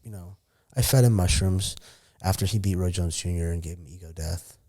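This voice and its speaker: Middle aged guy, kinda low voice, cursing and laughing thru his fight stories, casual podcast chat. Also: a little fast, dark tone, husky. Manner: profane, storytelling, laughs often. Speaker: podcast guest, former fighter.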